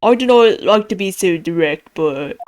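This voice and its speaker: A woman voicing a gruff, hostile middle-aged male prison governor. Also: lowish voice, expressive, normal speed, slight background noise, close to an everyday voice. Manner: hostile, loud, blustering.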